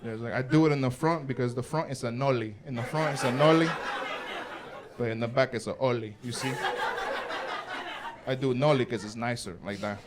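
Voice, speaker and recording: A man's voice: medium pitch, fairly quick, long pauses, heavy background noise. Brash, profane male stand-up comic. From United States. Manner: brash, profane, slangy, says "bro" a lot. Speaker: stand-up comedian. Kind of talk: stand-up comedy. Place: comedy stage. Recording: live stage mic with audience laughter.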